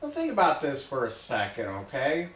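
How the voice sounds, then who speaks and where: A man talking loudly in an emphatic, repetitive rant, often checking in with "okay?". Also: mid-range voice, wildly swooping pitch, normal speed, roomy sound. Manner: loud, repetitive, emphatic, keeps saying okay. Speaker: vlogger. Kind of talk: ranting monologue to camera.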